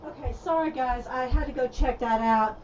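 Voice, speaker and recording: Woman host, out of breath, chatty live-stream crafter, higher voice, dull lo-fi sound. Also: moderate pace, darkish tone, a little hiss or hum. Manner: chatty, addresses viewers by name, drawls "y'all". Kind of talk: casual live-stream chat with viewers. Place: at home.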